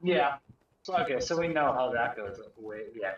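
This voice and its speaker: Male co-host, offhand, lively swings in pitch, echoey far-off noisy mic. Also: moderate pace, dull audio. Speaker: livestream co-host. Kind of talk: casual chat. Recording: roomy, distant, noisy mic.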